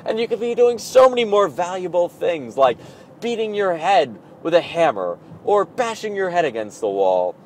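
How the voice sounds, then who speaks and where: A man's voice: sits high, very animated, moderate pace, darkish tone, a little hiss or hum. A man recording an audio blog, talking through his thoughts in a playful, self-mocking, rambling way. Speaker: audio blogger. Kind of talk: casual spoken reflection.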